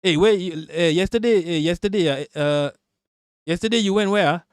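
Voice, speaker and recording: A man's voice: sits high, moderate pace, smooth, dry recording, studio quality, natural voice. A man voicing a chatty Malaysian man with a heavy Malaysian English accent, talking in choppy phrases that repeat words and end on "ah". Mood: nosy. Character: chatty Malaysian man, everyday street talk.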